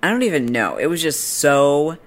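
Woman in her 30s, low voice, podcast host, animated snarky storyteller. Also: normal speed. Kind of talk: casual storytelling.

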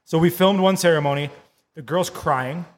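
A man co-hosting a casual podcast, telling an animated story, laughing often and acting out what people said. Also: a little high, normal speed, long reverb tail. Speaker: podcast co-host.

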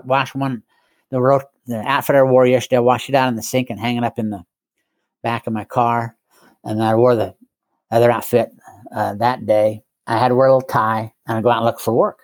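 A man's voice: mid-range voice, no room sound. Wry man telling his story. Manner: wry, self-mocking humor with chuckles. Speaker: guest speaker in recovery. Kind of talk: casual storytelling.

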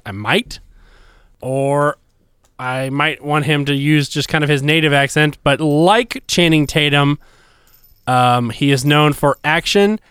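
A man's voice: fairly high pitch, fairly bright tone, clear, resonant tone, no room sound. Man, podcast co-host, casual chat, easygoing, resonant voice, dry sound.

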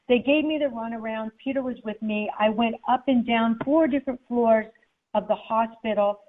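This guest author speaks at a normal speed with a fairly high-pitched voice, sharing a personal story during an interview. She's animated, voicing the different people involved, and the line sounds tinny, like a phone.

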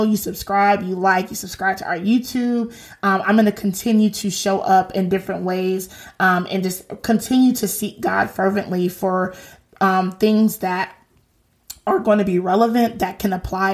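A woman in her thirties hosting a faith podcast, talking in a lively, slangy, encouraging way. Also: mid-range voice. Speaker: podcast host. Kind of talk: casual faith talk.

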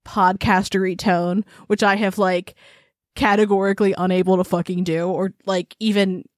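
A woman's voice: medium pitch, normal speed, dry recording. Rambling woman podcast co-host, dry mic. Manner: rambling, animated, talks with her hands. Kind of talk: casual chat. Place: home recording setup at a desk. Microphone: desk mic on a stand.

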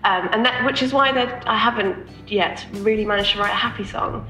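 A woman's voice: mid-range voice, brisk, bright, forceful tone, faint music behind. A woman songwriter answering interview questions in a hesitant, reflective way with many restarts. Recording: roomy, distant mic.

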